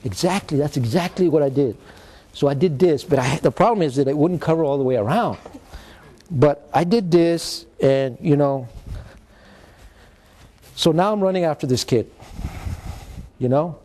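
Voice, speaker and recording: A retired man, giving an animated storytelling talk to students as a guest speaker and mixing in Spanish slang. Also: on the high side, normal speed, long pauses. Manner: animated, mixes in Spanish slang, acts out quotes.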